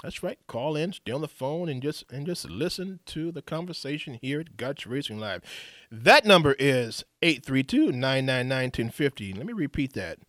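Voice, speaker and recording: A man's voice: medium pitch, moderate pace, hardly any pauses, dry recording, clean studio sound. A man hosting a live radio talk show, rambling with showman flair, restarts and chuckles. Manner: loose, rambling, laughs and restarts often.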